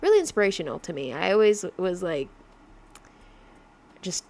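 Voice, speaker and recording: A woman's voice: on the low side, sing-song, normal speed, darkish tone. A young woman livestreaming her digital drawing, chatting casually and rambling with lots of fillers and laughs, her accent drifting in a mix of mimicked accents.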